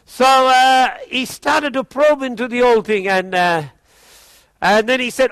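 High-voiced man telling his testimony. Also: fairly even intonation, unhurried, a bit bright, clean tone, no room sound. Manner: chuckles often while telling a grave story; acts out quoted people in his own voice. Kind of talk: personal testimony storytelling.

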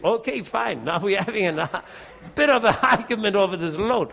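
Middle-aged male preacher, high voice, animated testimony storyteller. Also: normal speed, vocal fry. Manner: animated storyteller, acts out both sides of dialogue.

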